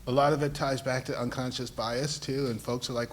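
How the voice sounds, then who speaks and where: A man's voice: mid-range voice, fairly even intonation, brisk, a little hiss or hum. A man speaking as a panelist, answering an audience question earnestly and thinking aloud with small restarts. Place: municipal building meeting room.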